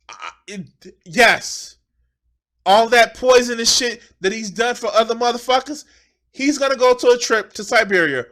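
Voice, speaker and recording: A man's voice: extremely high pitch, normal speed, fairly bright tone. A man giving profane, emphatic political commentary as a streamer, often repeating his phrases.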